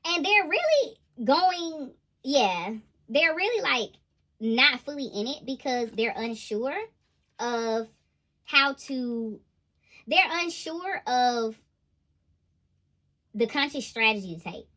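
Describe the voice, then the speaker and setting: A woman giving a casual tarot reading to her viewers, animated and exclaiming as she goes. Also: high voice, slow pace, pauses often. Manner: animated, laughing, exclaiming "ooh, child". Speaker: intuitive tarot reader.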